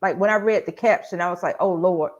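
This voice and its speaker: A woman's voice: fairly low pitch, quick pace. Chatty woman, slightly dull sound. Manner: rambling, chatty, loses her train of thought. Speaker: panel co-host. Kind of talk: casual panel chat.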